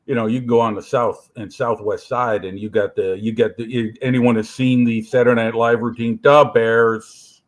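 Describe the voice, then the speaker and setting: A man's voice: mid-range voice, little pitch movement, brisk, hardly any pauses, low-quality recording. A man from the Chicago area with a Midwestern American accent, chatting casually on a live panel and telling stories with lots of fillers and restarts. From Chicago area, USA. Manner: rambling storyteller, many fillers and restarts. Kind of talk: casual chat.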